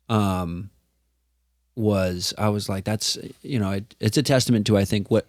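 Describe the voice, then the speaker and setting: A man's voice: fairly low pitch, dry recording, clean studio sound. A man co-hosting a podcast interview, talking casually and affirmingly, with many fillers. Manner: warm, affirming, filler-heavy. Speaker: podcast co-host.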